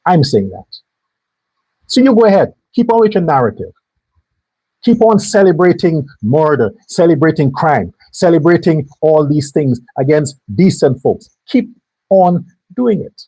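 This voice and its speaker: Husky, angry man ranting. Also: fairly high pitch, very animated, unhurried, warm tone, low-quality recording. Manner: angry, blunt and profane, hammering phrases by repetition. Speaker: political commentary show host. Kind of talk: ranting political monologue.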